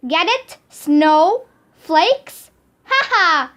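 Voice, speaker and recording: A high, bright-voiced reader plays a bald school principal cracking corny holiday puns and chuckling at his own jokes. The delivery is slow and unhurried, with a light, sunny tone. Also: animated, heavily acted. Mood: jokey.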